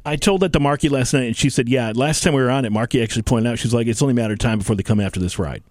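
Man, radio co-host, rapid speech, opinionated, casual. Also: mid-range voice, a little mellow, dry recording, clean studio sound. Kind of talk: casual talk radio banter.

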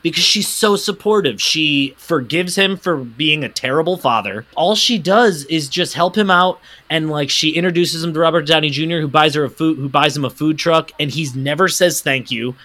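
A man's voice: on the high side, normal speed, hardly any pauses, bright, forceful tone. A man co-hosting a casual podcast, ranting animatedly about a movie with lots of swearing. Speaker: podcast co-host. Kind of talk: casual comedic chat.

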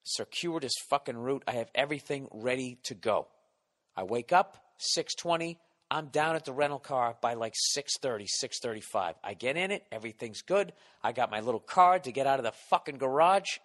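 A man hosting a podcast, telling a profane comic story in an animated, mock-ranting way. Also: medium pitch, moderate pace, big-room sound. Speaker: podcast host.

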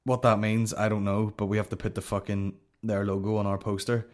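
A man's voice: lowish voice, flat delivery, a little fast, a little mellow. A Northern Irish man hosting a comedy podcast, ranting casually in a profane, rambling way and swearing constantly.

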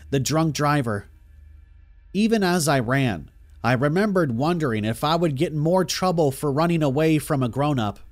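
A man giving scripted narration of a horror story in a steady, even storytelling manner. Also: fairly high pitch. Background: faint music.

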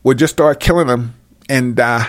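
A man's voice: medium pitch, normal speed, no echo, studio quality, pitched below the performer's own voice, lightly acted. A man voicing a cold older leader giving orders. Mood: cold, commanding.

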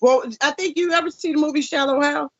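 A woman chatting casually as a guest, blunt and lively, with loose nonstandard grammar. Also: high voice, fast, no room sound. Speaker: guest, former contestant. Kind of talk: casual chat. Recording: dull lo-fi dry sound.

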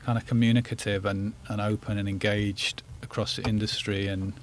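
A man with a somewhat low voice talks as a guest on a casual podcast. He hesitates often and restarts his sentences as he searches for what he means. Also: flat delivery, a little fast, slight background noise. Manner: hesitant, many fillers and restarts. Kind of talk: casual discussion.

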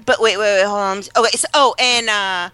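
Bright, animated gossipy woman. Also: mid-range voice, fairly quick, clean tone, no echo. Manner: animated, gossipy, acts out quoted people. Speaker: podcast co-host. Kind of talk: casual chat.

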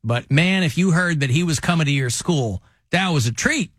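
A man's voice: a little high, expressive, normal speed, a bit bright, no room sound, clean studio sound. A man hosting a radio talk show, telling stories in a chatty way with laughs. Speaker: radio host.

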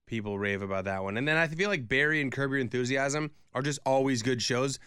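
A man co-hosting a radio show in casual, jokey chat, animated and quick to act out voices in his stories. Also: mid-range voice, clear, resonant tone, no room sound, studio quality.

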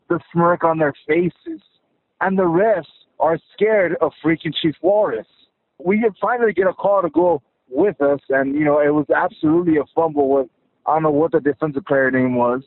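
A man's voice: fairly high pitch, breathy edge, dry recording. Exasperated man ranting over a phone line. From California. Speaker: caller. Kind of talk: sports radio call-in rant.

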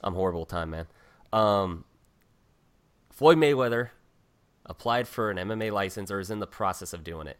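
A deep-voiced man hosting a casual interview. He talks in a relaxed way, laughs a lot and often repeats words as he starts a thought. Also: normal speed, pauses often. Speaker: podcast host.

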